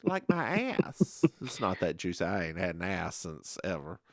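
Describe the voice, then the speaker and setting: A podcast co-host telling stories in casual chat, animated and laughing often. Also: low-pitched, normal speed, no echo, studio quality.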